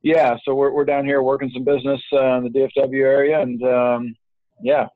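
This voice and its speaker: A man's voice: medium pitch, flat delivery, brisk, no room sound. A man as an interview guest, talking casually over the phone in a rambling way, full of fillers and restarts. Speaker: interview guest, business networker. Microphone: phone line. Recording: tinny dry phone line.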